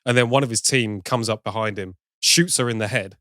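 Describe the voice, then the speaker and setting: A man's voice: on the low side, a little fast, sharp tone, dry recording, studio quality. A man co-hosting a film podcast, chatting casually, swearing and laughing at bad films. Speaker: podcast co-host.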